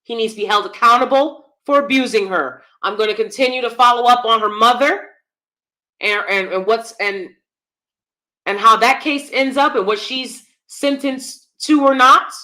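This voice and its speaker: Blunt, bright-voiced woman streamer. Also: on the high side, moderate pace. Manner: blunt, emphatic, repeats herself. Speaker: commentary channel host. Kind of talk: live-stream commentary.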